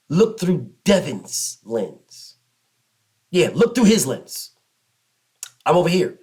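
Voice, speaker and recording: A man in giving an emphatic, repetitive solo commentary rant as host, often mocking others in low put-on voices. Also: sing-song, slow pace, long pauses, darkish tone.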